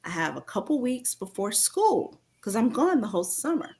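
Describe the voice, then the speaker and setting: A North Carolina woman in her fifties, an author and femininity coach, is a guest on a casual storytelling interview. Her voice sits on the high side with a breathy edge and a moderate pace, and she animatedly acts out other people's lines as she tells stories.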